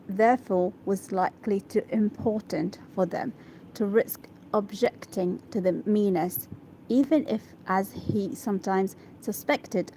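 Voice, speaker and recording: Here an English learner, a woman whose first language is Arabic, reads an article out loud, breaking off to work through tricky words, say them again and verify her pronunciation. She speaks at medium pitch in a mellow voice, with a little hiss or hum on the recording.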